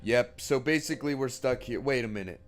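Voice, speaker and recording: A man streaming a game, reading its text aloud and thinking aloud in a halting, casual way. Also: mid-range voice, faint music behind.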